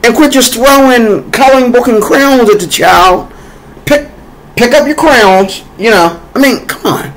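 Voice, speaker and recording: A US vlogger with a very high voice takes his time in an unhurried political opinion rant. He rambles and repeats himself with many fillers, growing heated, and the recording is rough.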